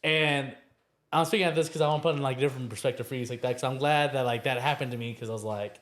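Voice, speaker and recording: Excitable man, casual car-podcast chat. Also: medium pitch, fast. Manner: excitable, swears, laughs while telling stories. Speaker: podcast co-host. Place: parked car.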